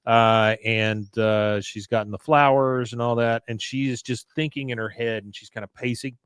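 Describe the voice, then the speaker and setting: A man's voice: mid-range voice, fairly even intonation, moderate pace, a bit bright, clear, resonant tone, dry recording. Casual man recapping a show, dry mic. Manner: rambling, fillers, chuckling asides. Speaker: podcast host.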